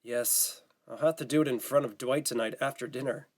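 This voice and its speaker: Male narrator doing a meek, slow teen boy, subdued and plain. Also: mid-range voice, steady tone, natural voice. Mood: resigned.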